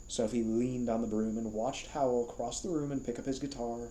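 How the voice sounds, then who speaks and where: A man reading a novel aloud as a storyteller, calm and even. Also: mid-range voice, moderate pace, few pauses, roomy sound, slight background noise, low-quality recording. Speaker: storybook reader.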